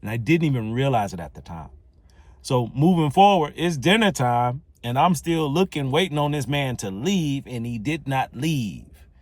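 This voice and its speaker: A man's voice: medium pitch, moderate pace, dry recording. Casual storytelling man, dry sound. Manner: casual, conversational, animated retelling. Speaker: podcast host. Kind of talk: solo podcast storytelling.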